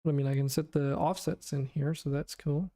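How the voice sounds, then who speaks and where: A worn-out man talks to himself in a flat, monotone way while he pokes at his game's code. His voice is mellow and soft-edged, steady and unhurried. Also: fairly high pitch. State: exhausted. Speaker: game developer streamer. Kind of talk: thinking aloud while coding.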